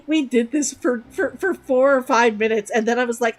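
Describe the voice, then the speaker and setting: A woman's voice: high voice, normal speed, soft background music. A woman streaming a game, chatting casually and giggling as she answers her chat.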